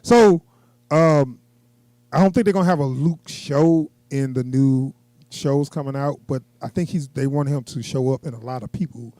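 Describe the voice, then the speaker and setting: A man, co-hosting a podcast in casual chat, animated and slipping into quoted voices. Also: medium pitch, normal speed, dry recording. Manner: animated, acts out quoted people in raised voices. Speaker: podcast co-host.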